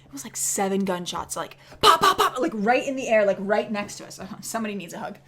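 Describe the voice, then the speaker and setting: A woman telling a spooky story in a chatty, animated way, dropping into whispers for the scary parts. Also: medium pitch, quick pace. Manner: chatty, many fillers of "like". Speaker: vlogger. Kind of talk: casual storytelling.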